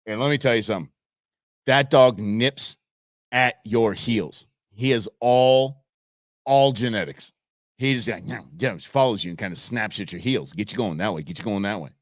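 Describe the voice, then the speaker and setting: A man hosting a live show, commenting on videos in an animated, joking way. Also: on the low side, normal speed, no room sound, clean studio sound. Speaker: host.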